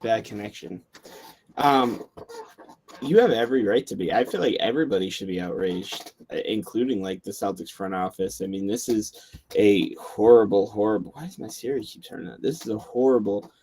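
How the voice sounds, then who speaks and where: A man with a gravelly, creaky voice joins a live sports talk stream over a call, and faint noise sits under his words. He talks in a laid-back, hesitant way, full of fillers. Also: fairly low pitch, normal speed, warm tone. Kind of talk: casual sports talk chat.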